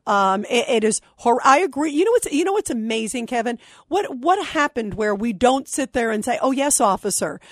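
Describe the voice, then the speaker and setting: A woman's voice: fairly high pitch, no echo. A woman hosting a call-in talk radio show, speaking in an impassioned, outraged and emphatic way into a studio microphone. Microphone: studio microphone, dry.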